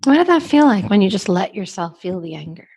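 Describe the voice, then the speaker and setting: A woman hosts a podcast in a thoughtful, reflective way. Her pitch sits in the middle range. She often answers with short affirming sounds. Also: sing-song, brisk, creaky, a little mellow, husky. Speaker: podcast host, therapist. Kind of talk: reflective interview chat.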